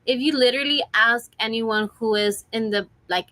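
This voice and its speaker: A woman's voice: fairly high pitch, moderate pace, a loud crowd. A young woman co-hosting a student radio chat, giggling and leaning on fillers like "like". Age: young adult. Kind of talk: casual chat.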